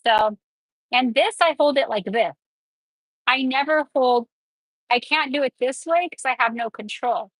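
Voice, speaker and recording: Woman nail educator, chatty step-by-step delivery, husky tone, dry close sound. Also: sits high, unhurried, long pauses, a bit bright, dry recording, low-quality recording. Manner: chatty, explains each step while working. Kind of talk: live nail tutorial.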